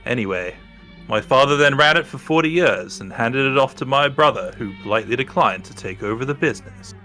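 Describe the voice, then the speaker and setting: A man voicing an earnest middle-aged male pub owner, telling things slowly. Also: medium pitch, lively intonation, sharp tone, soft background music.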